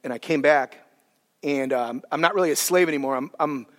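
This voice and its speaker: A preacher putting on an easygoing freed slave, a man who talks in loose, slangy speech. The voice sits lower than the preacher's own and rings in a reverberant hall. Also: a little fast, close to an everyday voice.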